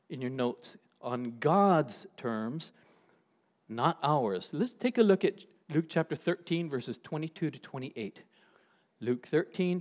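A male pastor delivers a sermon in a slightly higher voice. His pitch swings widely as he stresses each point. He reads scripture aloud and slows down hard on the words that matter. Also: darkish tone.

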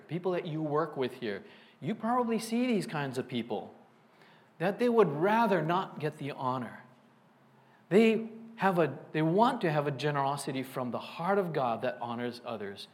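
A man's voice: a little high, very animated, normal speed. Conversational man preaching a sermon. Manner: conversational, with frequent restarts and asides. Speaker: pastor.

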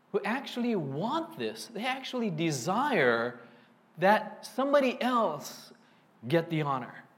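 A middle-aged male pastor with a somewhat high voice preaches a sermon. He talks in a loose, conversational way, often restarting his sentences and adding asides.

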